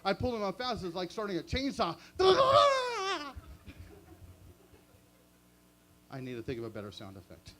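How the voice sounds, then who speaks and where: A man's voice: high-pitched, wildly swooping pitch, very fast, hardly any pauses. A man doing stand-up comedy at a small open mic, chatty and self-mocking. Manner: chatty, self-mocking, chuckles at own jokes.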